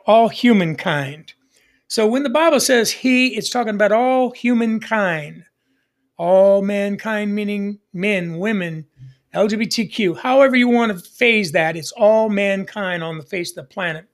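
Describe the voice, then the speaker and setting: High-voiced preaching man, radio broadcast. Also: a bit bright. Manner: emphatic preaching with repeated phrases and call-and-response. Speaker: pastor. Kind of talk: broadcast sermon. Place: broadcast studio.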